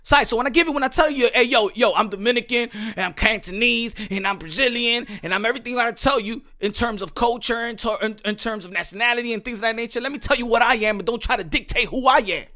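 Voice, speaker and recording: American man, boxing commentary host, profane rant with a high pitch, repetitive and combative. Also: fast, hardly any pauses, sharp tone. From United States. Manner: heated, profane, repetitive, rhetorical questions. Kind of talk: ranting commentary monologue.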